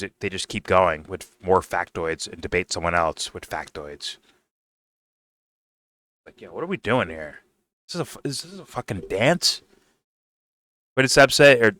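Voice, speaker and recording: Ranting male reaction host, low voice, dry close mic, blunt and profane. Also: pushed and bright, no room sound. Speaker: commentator reacting to a debate clip.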